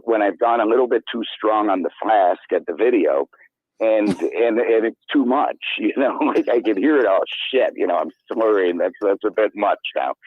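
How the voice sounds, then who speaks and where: A man talking as a guest in casual chat, rambling and halting in a self-deprecating way. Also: on the low side, husky, dry recording. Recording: tinny, dry phone-like line.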